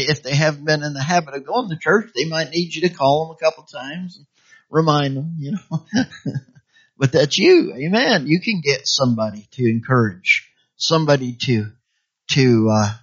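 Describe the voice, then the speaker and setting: A man's voice: a little high, a bit bright, husky. A man preaching a sermon, urging his listeners on and filling his talk with amens and hallelujahs, often acting out what people might say. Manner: exhorting, calls for "amen" and "hallelujah", acts out quoted voices. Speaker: pastor. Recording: dull lo-fi sound.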